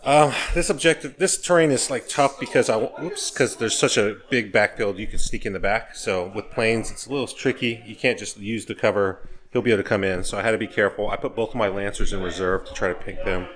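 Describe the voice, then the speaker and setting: A man talks through his tabletop army in a relaxed, upbeat way. He moves through the list quickly and chats about his plans as the host of the report. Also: lowish voice. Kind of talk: casual battle report talk.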